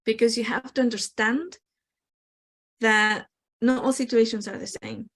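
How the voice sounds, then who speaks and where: A woman's voice: on the high side, steady tone, a little slow, fairly bright tone. A woman host with a slightly raised voice talks through her ideas on a spiritual talk show. Her delivery is reflective and explanatory. She often slips into acting out the replies people give.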